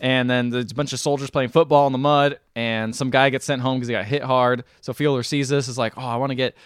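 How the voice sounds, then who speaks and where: A man's voice: medium pitch, steady tone, smooth, dry recording, studio quality. A man co-hosting a podcast, recapping a film's plot in casual chat and briefly doing the characters' voices. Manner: acts out characters' lines in quick impressions. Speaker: podcast co-host.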